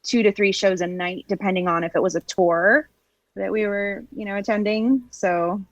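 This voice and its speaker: A woman on a panel reminiscing in a relaxed, halting way. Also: medium pitch, dry recording, muffled recording. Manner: reminiscing, hesitant with ums. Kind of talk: casual panel chat.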